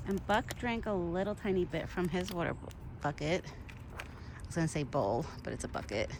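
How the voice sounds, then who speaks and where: A woman's voice: fairly low pitch, expressive, normal speed. A young woman chatting casually in a vlog, talking sweetly to a deer while filming on a trail with her phone. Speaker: vlogger feeding a wild deer. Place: outdoors on a trail. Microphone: phone camera. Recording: outdoor phone recording with noise.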